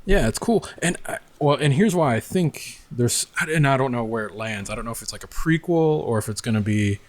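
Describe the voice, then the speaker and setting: A man's voice: mid-range voice, animated, fairly quick. A man chatting casually, rambling through his theories with lots of fillers. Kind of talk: casual chat.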